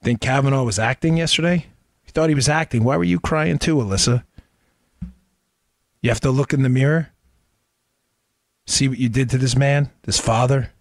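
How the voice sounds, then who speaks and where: A man's voice: mid-range voice, no room sound. A man delivers a fiery political monologue as a talk show host, pressing his points with repeated, mocking questions. His voice sits in an ordinary middle range. The sound is dry and close, with no room around it.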